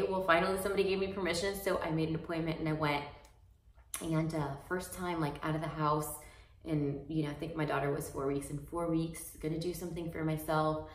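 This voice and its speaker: A woman gives an earnest motivational talk as a fitness coach, rambling and restarting as she encourages. Her voice sits on the low side. The mic is far away in an echoey room. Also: little pitch movement, normal speed. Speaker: fitness coach and business owner. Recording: roomy echo, mic far off.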